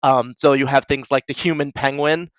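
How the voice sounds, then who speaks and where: A man's voice: mid-range voice, fairly even intonation, moderate pace, fairly bright tone, muffled recording. A man co-hosting a casual podcast chat, easygoing, laughing often, with hesitant fillers. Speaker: podcast co-host.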